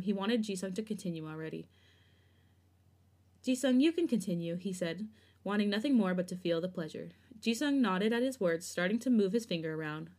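A woman co-hosting a podcast, narrating fan fiction in a steady, even reading voice. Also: medium pitch. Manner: smooth, steady reading, giggly in chat. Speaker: podcast co-host.

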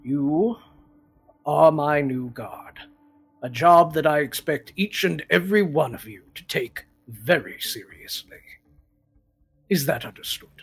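A man voicing a huge male lion-man guard captain who speaks sternly and makes demands. His voice is husky. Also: on the high side, measured pace, heavily acted.

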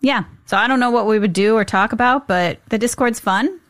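A woman co-hosting a podcast in casual, relaxed chat, using "like" a lot. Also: on the high side, a little fast. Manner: relaxed, chatty, says "like" often. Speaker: podcast co-host.

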